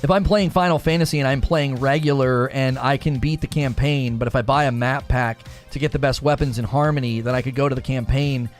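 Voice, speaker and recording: A man hosting a live gaming talk stream, arguing with his chat and answering it directly in an animated way. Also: mid-range voice, brisk, hardly any pauses, soft background music.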